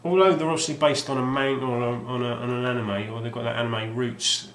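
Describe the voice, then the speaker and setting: A man casually shows off his game collection, rambling and hesitating with lots of ums and restarts. His voice is medium-pitched and fairly bright with fairly even intonation, he talks fairly quickly, and the roomy recording carries faint ambience and slight background noise.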